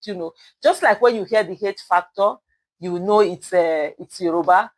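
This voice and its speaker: A woman's voice: on the low side, normal speed, no echo, low-quality recording. A Nigerian woman from Edo State with an Edo accent, hosting casual spoken commentary, rambling with many fillers and self-corrections, earnestly urging her listeners. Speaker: commentary host.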